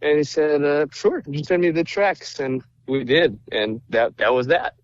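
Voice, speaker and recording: A man from Romania, guest on a podcast, tells his stories with energy and slips into the voices of the people in them. His voice sits a little high. The recording sounds dull and lo-fi. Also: a little slow, no room sound. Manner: animated storyteller, acts out quoted dialogue. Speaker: guest musician. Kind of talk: casual interview chat.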